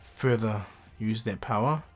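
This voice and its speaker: A man voicing a calm, weary adult ninja teacher who speaks low and measured. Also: soft background music, close to an everyday voice. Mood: grave.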